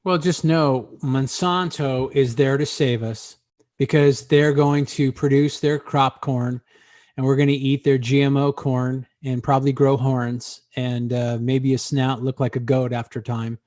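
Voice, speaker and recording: A man's voice: medium pitch, steady tone, measured pace, a little mellow, no echo, clean studio sound. A man hosting a casual talk show, joking and rambling with many hesitations. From Arizona. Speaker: host.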